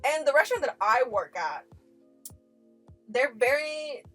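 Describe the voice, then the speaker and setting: Woman podcast host, bright high voice, swoops around a lot, swears and laughs while she tells stories. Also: a little slow, faint music behind. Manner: animated, profane, laughing storyteller. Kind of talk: casual storytelling chat.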